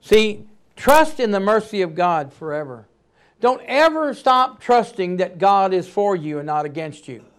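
A man delivers a sermon in a high-pitched voice. He preaches emphatically, breaking into sudden loud outbursts. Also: sing-song, measured pace.

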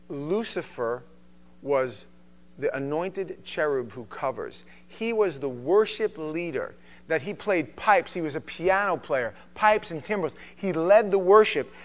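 A middle-aged man from New York with a New York accent, teaching a Bible study in a joking, animated way. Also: a little high. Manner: joking, animated, does mocking voices. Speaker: pastor.

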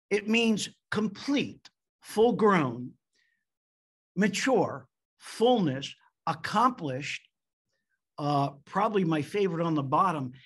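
A man from the United States preaching a sermon as a men's pastor, animated, slowing down to stress key words. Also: a little high, breathy edge.

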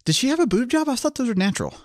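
A man's voice: very high-pitched, big pitch swings, very fast, no room sound, studio quality. A man co-hosting a podcast, chatting casually about a horror film over beers and laughing often. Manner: chatty, laughs often, drinking beer while talking. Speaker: podcast co-host.

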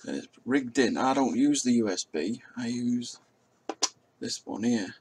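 A man's voice: mid-range voice, expressive, measured pace, noisy background. A man chatting casually and mocking himself as he flies a simulator, swearing now and then. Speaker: drone pilot vlogger. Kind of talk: casual commentary while flying a simulator. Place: indoors at a table.

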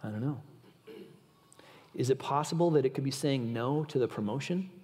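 A man's voice: medium pitch, normal speed, a little mellow. A man preaching a sermon in a casual, earnest way, speaking directly to the congregation in a large church. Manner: earnest, informal, addresses the audience directly. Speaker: guest preacher. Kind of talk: conversational sermon. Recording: long reverb of a church hall.

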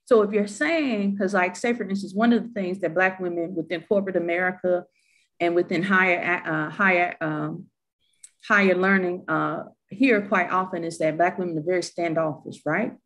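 A woman with a Southern US accent speaking on a panel, animated and emphatic, often checking in with "right?". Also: fairly low pitch, normal speed. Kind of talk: candid panel discussion.

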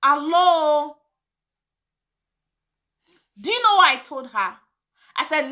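Fired-up Nigerian woman vlogger, high and sharp. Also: very animated, takes it slowly, pauses often. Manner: impassioned, indignant, slips into Pidgin. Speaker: vlogger host. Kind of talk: casual opinion vlog rant.

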